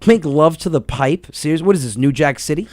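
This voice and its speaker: A man, hosting a comedic podcast and rambling in an animated way, repeating words when excited. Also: fairly high pitch, brisk, dry recording. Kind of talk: casual comedic chat with a caller.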